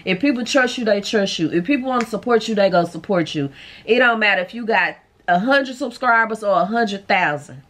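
A woman's voice: mid-range voice, a little fast. Chatty woman vlogging from home. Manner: animated, talks straight to viewers. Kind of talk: casual chat to camera. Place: at home, indoors.

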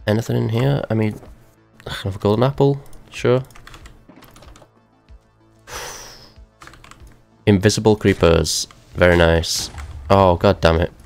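A man's voice: lowish voice, vocal fry, darkish tone. A young man giving rambling let's-play commentary to himself, with wry asides as he explores a game. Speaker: gaming video host.

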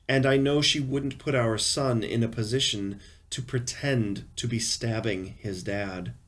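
Man reading gritty first-person crime fiction. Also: medium pitch. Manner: measured, grave storytelling. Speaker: reader.

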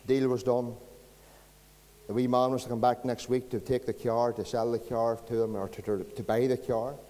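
A man with a Northern Irish accent preaches a sermon as pastor, with a folksy, storytelling delivery. His voice sits at a middling pitch. The sound carries a long church reverb. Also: little pitch movement, moderate pace, mellow.

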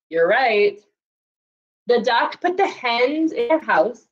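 Slow, animated woman reading to kids. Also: fairly high pitch, highs cut off. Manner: animated, asks young listeners questions. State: coughing now and then. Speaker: children's library storyteller. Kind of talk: reading picture books aloud to children.

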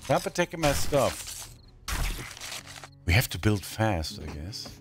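A gaming channel host with a fairly low, very animated voice talks slowly over music. In a non-English language he casually narrates his survival game, addressing the zombies and grumbling at them in pretend annoyance.

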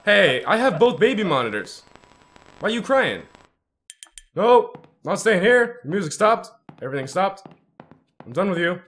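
A man playing a horror game and commenting, easily startled, swearing and yelling back at the ghosts. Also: sits high, sing-song, measured pace, pauses often, slight background noise. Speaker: gaming channel host.

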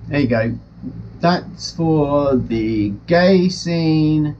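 A rambling pet vlogger chats at home in front of the camera, voice swooping up and down and talking slowly. The sound is a little dull, with faint noise behind it. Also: medium pitch, expressive, darkish tone. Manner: chatty, rambling, frequent giggling. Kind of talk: casual chat to camera and parrot. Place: home room in front of a ring light.

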